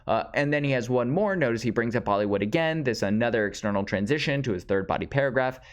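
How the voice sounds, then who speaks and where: A man's voice: medium pitch, fast talker. A man teaching speech writing in a casual, conversational lecture over slides, with frequent fillers. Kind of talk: instructional lecture.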